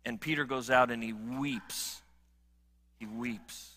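Bright-voiced man preaching a sermon. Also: fairly even intonation, slow pace, slight background noise. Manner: earnest, rising to emphatic appeals then dropping low. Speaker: pastor.

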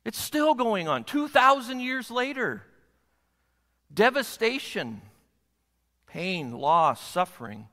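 A man's voice: high voice, sing-song, slow, long pauses, pushed and bright. A pastor preaching a sermon to his congregation, often asking them rhetorical questions. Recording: long hall reverb.

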